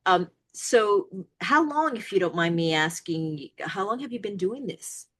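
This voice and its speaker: A woman's voice: medium pitch, animated, a little slow. A woman hosting a podcast interview, asking long questions with many stammered restarts. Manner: stammering restarts, warm encouraging asides. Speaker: podcast host.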